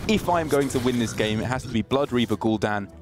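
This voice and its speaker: A man commentating a live game, working through the plays aloud and breaking into excitement at the big moments. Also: mid-range voice, fast talker, faint music behind. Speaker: esports commentator.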